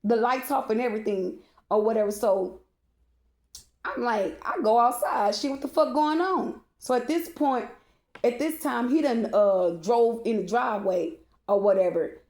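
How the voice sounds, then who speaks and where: A woman's voice: on the high side, normal speed, a little mellow. Blunt, profane woman telling a story. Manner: blunt and profane, peppered with "okay?". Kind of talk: casual storytime monologue. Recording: echoey room.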